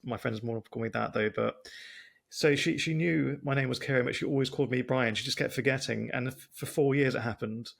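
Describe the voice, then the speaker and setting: Oxford accent guy hosting a podcast, super gravelly voice, talks slow and careful. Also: medium pitch. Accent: Oxford English. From England. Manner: deliberate, careful pacing, works to speak slowly. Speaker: podcast host. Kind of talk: casual interview chat.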